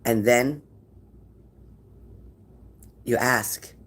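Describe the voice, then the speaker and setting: A man's voice: mid-range voice, fairly even intonation, drawn-out words, fairly bright tone. Man giving an encouraging tarot reading. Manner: encouraging, repetitive phrasing. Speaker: tarot reader.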